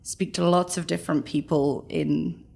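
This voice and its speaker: Gravelly London woman chatting. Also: sits low. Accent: London English. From London, England. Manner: animated, laughs often, rapid bursts. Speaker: guest, chamber engagement director. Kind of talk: casual interview chat.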